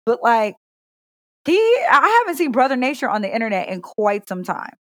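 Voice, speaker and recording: A woman co-hosting a casual podcast, telling an animated, profane story about her son. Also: a little high, moderate pace, no echo. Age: adult parent. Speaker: podcast co-host. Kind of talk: casual chat.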